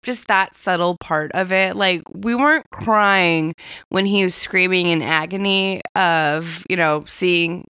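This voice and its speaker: A woman's voice: fairly low pitch, slow, pushed and bright, smooth, dry recording, clean studio sound. A woman co-hosting a podcast, chatting casually about an anime, laughing and swearing freely. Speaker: podcast co-host. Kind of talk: casual chat reviewing an anime.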